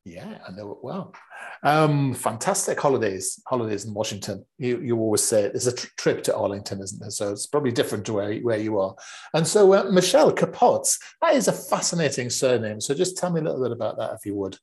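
A man's voice: mid-range voice, expressive, brisk, darkish tone. A man hosting a podcast interview, upbeat and chatty. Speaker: podcast host.

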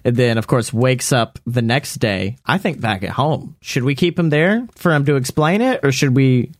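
A man casually making up a story out loud, rambling, laughing and swearing often. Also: mid-range voice, animated, moderate pace, no room sound, studio quality. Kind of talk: casual improvised story brainstorming.

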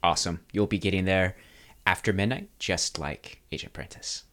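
A man's voice: low voice, moderate pace. A man running a tabletop game as game master, narrating scenes and voicing side characters in an easygoing way. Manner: lively, easygoing.

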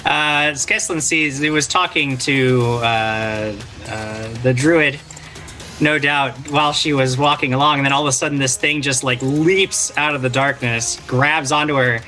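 A man's voice: mid-range voice, unhurried, pushed and bright, faint music behind. A man playing a tabletop game, explaining rules and narrating his character's actions casually. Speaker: player.

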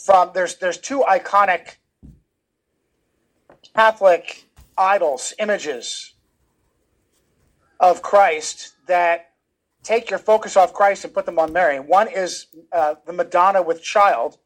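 A man's voice: sits high, slow, pauses often. A man speaking as a guest author in an interview, talking emphatically and repeating words for stress. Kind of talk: animated conversational interview.

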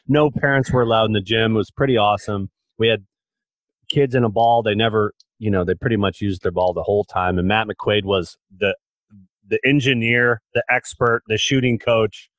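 A man's voice: on the low side, steady tone, normal speed, a bit bright, dry recording. A man hosting a podcast, chatting in a playful, joking way with many restarts. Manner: playful, jokey, lots of restarts. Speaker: podcast host. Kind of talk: casual interview chat.

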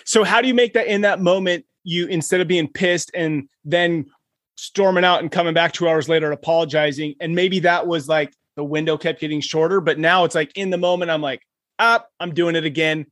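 Laid-back male podcast host, slightly high. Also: fairly quick, dry recording, clean studio sound. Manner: relaxed, laughs along, says dude. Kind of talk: casual podcast chat.

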